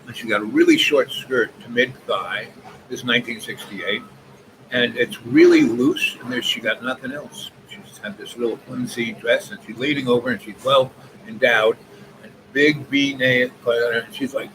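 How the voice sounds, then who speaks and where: A man in his seventies rambling through a long personal story with many asides. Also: medium pitch. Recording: noisy background ambience.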